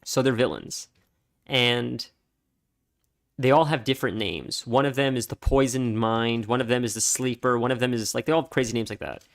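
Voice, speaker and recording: Male streamer, easygoing chatty commentary, average pitch, prone to laughing. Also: moderate pace. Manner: rambling storytelling, laughs often. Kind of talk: casual gameplay commentary.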